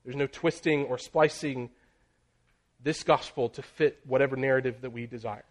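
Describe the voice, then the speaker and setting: A man preaching a sermon, building in intensity through emphatic lists and dropping to a near hush on key phrases. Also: medium pitch, fairly even intonation. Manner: slows and drops very soft on key phrases.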